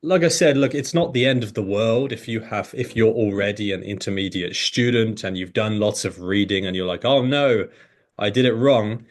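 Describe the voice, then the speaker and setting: A man's voice: lowish voice, brisk, hardly any pauses. A man, an English teacher, explaining in conversation and acting out pronunciation examples as he goes. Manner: animated, demonstrates pronunciation examples.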